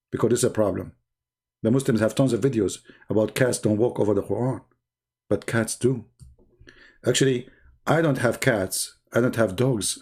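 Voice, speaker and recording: A man's voice: medium pitch, a little mellow, husky. A man hosting a live stream, talking in sarcastic, mocking rants in non-native English and arguing as if he were his opponents.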